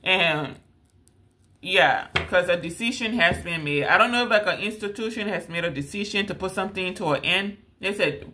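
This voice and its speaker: Bright-voiced woman giving a rambling tarot reading. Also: on the low side, normal speed, slight background noise. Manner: rambling, repetitive, many fillers; emphatic, addresses viewer directly. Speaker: tarot reader. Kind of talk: casual tarot reading monologue.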